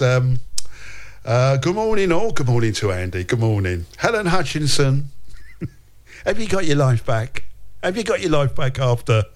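A man hosting breakfast radio with a London accent, chatting casually and reading listener messages in a playful way. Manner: chatty and playful, animated pitch. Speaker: radio host.

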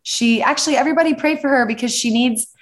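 A woman's voice: sits high, slight background noise. A young American woman in her twenties, a singer being interviewed, bubbly and enthusiastic. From United States. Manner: bubbly, enthusiastic, quick to laugh. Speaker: singer-songwriter guest. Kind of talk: interview answers.

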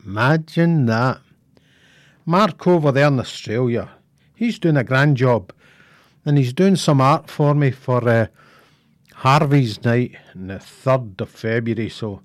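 A middle-aged Scottish man hosting a radio show, chatting casually and giving jokey shout-outs sprinkled with rhyming slang. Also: medium pitch, unhurried, no room sound. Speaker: radio presenter.

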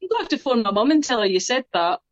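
A woman's voice: fairly high pitch, very animated, very fast, no room sound. Young Scottish woman, chatty guest, self-deprecating; slightly muffled recording. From Scotland. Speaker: singer-songwriter guest. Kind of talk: casual interview chat.

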